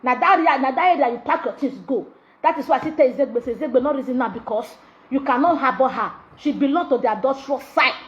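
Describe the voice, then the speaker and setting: A woman's voice: high voice, fast talker. A woman with a Nigerian accent, a social media vlogger ranting in Pidgin, scolding and mocking with sing-song repetitions. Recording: dull lo-fi audio.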